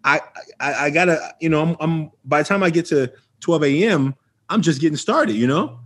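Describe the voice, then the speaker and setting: A man from Oakland, California, a podcast guest telling a story in casual talk, acting out quoted dialogue with big jumps in pitch and often restarting his sentences. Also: moderate pace, a bit bright. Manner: frequent restarts and fillers like "you know" and "right".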